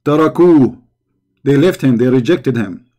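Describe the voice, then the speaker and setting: A man's voice: mid-range voice, lively intonation, normal speed, mellow. A man hosting a reaction commentary, talking back to a played video in a mocking, sarcastic way. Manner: sarcastic, mocking, repeats words heatedly.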